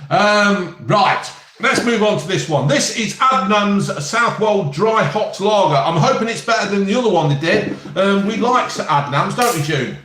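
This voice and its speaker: A chatty man in his fifties hosts a casual live stream, reading out comments and cracking jokes. His voice sits a little high, and the room around him rings with echo. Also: expressive, measured pace, hardly any pauses, a bit bright, a little hiss or hum. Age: 50s. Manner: chatty, jokey, reads viewer comments aloud.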